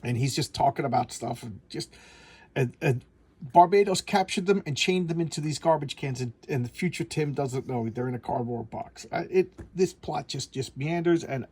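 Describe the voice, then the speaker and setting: A man casually recapping a comic issue, rambling with fillers and putting on quick voices for the characters. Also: mid-range voice, darkish tone, husky. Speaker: comic book reviewer.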